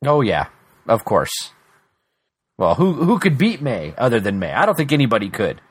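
A man's voice: medium pitch, big pitch swings, moderate pace, husky. A man co-hosting a casual TV episode recap, laughing often and restarting his sentences. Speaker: podcast co-host.

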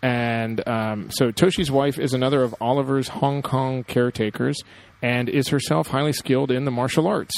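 A man's voice: medium pitch, fairly even intonation, normal speed, gravelly, hardly any pauses, dry recording. A man co-hosting a casual podcast chat, talking with frequent fillers and hesitations. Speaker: podcast co-host.

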